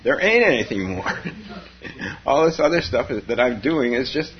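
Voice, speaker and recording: In this dharma talk on retreat, a man teaching meditation tells rambling stories and chuckles frequently. He has a mid-range voice, is very animated, and speaks at a moderate pace. The recording is lo-fi and dull.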